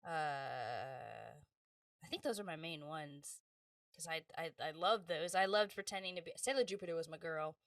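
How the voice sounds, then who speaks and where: Animated woman telling stories, slightly distant. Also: sits low, normal speed, no room sound. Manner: animated, acts out quoted voices, laughs often. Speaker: voice actress guest. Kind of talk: casual interview storytelling.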